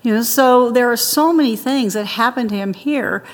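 A woman's voice: fairly high pitch, normal speed, big-room sound. An older woman being interviewed, telling childhood stories in a chatty way and laughing often. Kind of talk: interview storytelling.

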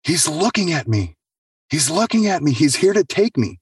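A man's voice: on the high side, big pitch swings, moderate pace, slightly rough, dry recording, studio quality, far from the mic, pitched above the performer's own voice, heavily acted. A man doing a terrified, dying old woman. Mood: fearful. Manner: frantic pleading cries.

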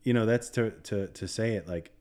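A man's voice: on the low side, normal speed, dark tone. A man chatting casually as a podcast co-host, talkative and laughing easily. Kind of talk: casual chat.

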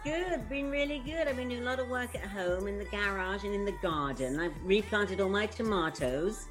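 A woman's voice: medium pitch, lively intonation, normal speed. Cheerful woman panelist, voice goes up and down a lot, music playing behind. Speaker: regular panel guest. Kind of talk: casual chat.

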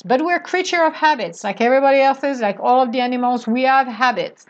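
A woman's voice: fairly high pitch, animated, normal speed, highs cut off. A woman giving a motivational talk, emphatic and repeating affirmations. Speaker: motivational speaker.

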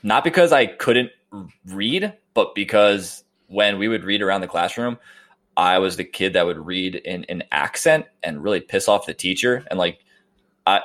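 A man co-hosting a podcast, telling stories in an animated, self-mocking way. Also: on the low side. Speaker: podcast co-host. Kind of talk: casual podcast chat.

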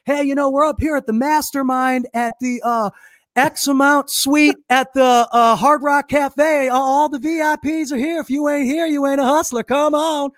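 A man's voice: very high-pitched, fairly even intonation, normal speed, no room sound, studio quality, pitched above the performer's own voice. A man impersonating a brash, pushy businessman with a slight Southern drawl, hyping up a crowd. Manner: loud, pushy, salesy hype.

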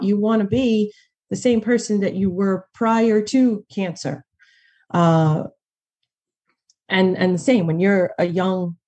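A woman speaking as a podcast guest in a heartfelt, animated way. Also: medium pitch, slightly rough. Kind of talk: conversational interview.

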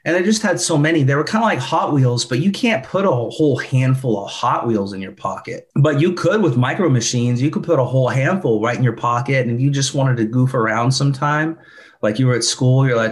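A man's voice: mid-range voice, brisk. A man in his forties co-hosting a podcast, chatting casually and goofing around with silly voices. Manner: laid-back, goofy, acts out silly voices. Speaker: podcast co-host. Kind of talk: casual nostalgic chat.

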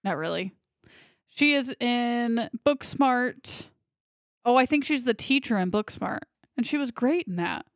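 A woman's voice: a little high, lively intonation, a little slow, no room sound. A woman co-hosting a podcast, chatting casually and rambling about movies, laughing easily. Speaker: podcast co-host. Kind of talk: casual movie-review chat.

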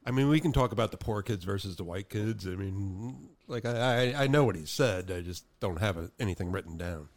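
A man's voice: on the low side, animated, brisk, hardly any pauses. Joking, swearing male podcast co-host. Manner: joking, profane storyteller. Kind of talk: casual chat.

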